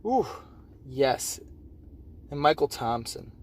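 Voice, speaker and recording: A man's voice: medium pitch, very animated, slow, darkish tone, a little hiss or hum, poor audio. A tired man hosting a fantasy football league preview in a casual, rambling way, with slightly slurred speech and frequent self-corrections. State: tired, late at night. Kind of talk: casual game preview commentary.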